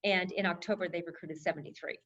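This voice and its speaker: A woman's voice: on the low side, steady tone, fast, crowd noise. A woman hosting a team coaching call over video, enthusiastic, laughing often as she reads out sales figures. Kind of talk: upbeat online team call. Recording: slightly dull, lo-fi call audio.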